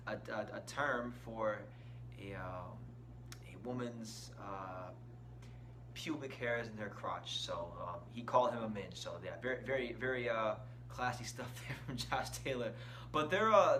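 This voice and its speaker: A man's voice: mid-range voice, bright, forceful tone, a little hiss or hum. A man hosting a casual boxing channel, giving opinionated commentary and stressing key words, speaking from an indoor room. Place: indoor room with shirts on the wall.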